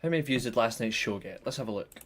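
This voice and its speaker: A man's voice: mid-range voice, lively intonation, fast talker, fairly bright tone. A man hosting a wrestling review livestream, chatting casually and jokingly with viewers, greeting them by name. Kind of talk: casual live chat to viewers.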